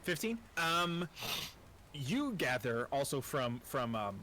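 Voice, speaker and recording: A man's voice: mid-range voice, big pitch swings, slow pace, pushed and bright, slight background noise. A man narrating as game master in a casual, profane, self-deprecating way.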